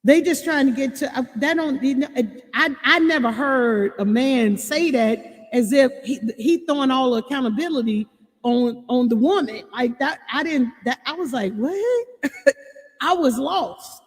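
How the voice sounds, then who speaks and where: Woman host with a high voice, chatty and emphatic, talks straight to her audience, recorded with a long reverb tail. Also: moderate pace. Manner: lively, emphatic, laughs often, addresses listeners directly. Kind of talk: casual talk to an online audience.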